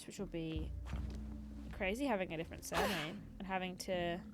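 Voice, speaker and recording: A woman's voice: fairly low pitch, fairly even intonation, normal speed, music in the background. A woman in her twenties hosting a gaming livestream, chatting casually and rambling with lots of fillers. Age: 20s. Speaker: streamer host.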